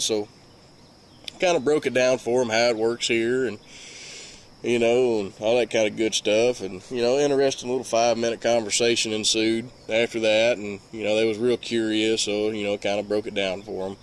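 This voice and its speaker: A man's voice: on the low side, fairly even intonation, normal speed. A man with a Mississippi Southern accent telling a long story in a rambling, folksy way with lots of fillers. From Mississippi, USA. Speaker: vlogger. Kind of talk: casual storytelling.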